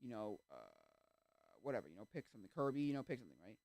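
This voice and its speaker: A young man talks fast on a livestream, his pitch bouncing up and down as he rambles from tangent to tangent. His speech is packed with fillers, and his voice sounds close and dry. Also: very animated, darkish tone, dry recording. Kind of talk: casual chat.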